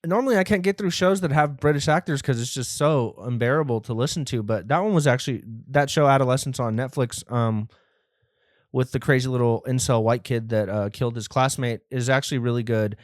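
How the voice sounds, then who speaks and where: A young man rambles through his casual comedy podcast in a close, dry sound with no room around him. He talks in a middling voice, halting and a little nervous, with plenty of ums and uhs. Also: medium pitch, no room sound. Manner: rambling, nervous, with many fillers. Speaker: podcast host.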